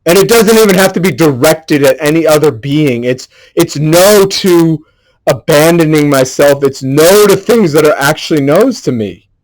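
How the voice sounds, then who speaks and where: Slow, earnest, intense man. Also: fairly high pitch, darkish tone. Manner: earnest and intense, swears freely. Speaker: solo livestreamer. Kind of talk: emotional solo performance. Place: at home.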